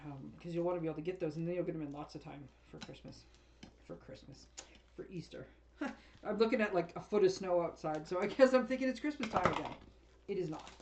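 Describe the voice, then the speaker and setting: A woman's voice: lowish voice, brisk, background noise. A woman craft demonstrator chatting casually as she unboxes and sorts a paper craft kit, rambling and often laughing.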